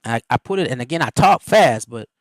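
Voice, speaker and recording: A man's voice: medium pitch, no room sound, rough recording. A middle-aged man hosting a live stream, giving a motivational teaching in a folksy, preacherly way. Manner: animated, preacherly, folksy and quick. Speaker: host.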